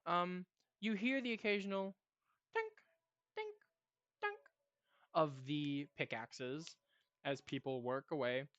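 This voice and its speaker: A man running a tabletop game as game master, narrating in a relaxed, rambling way with fillers. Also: a little high, a little slow, clear, resonant tone, dry recording, lo-fi sound.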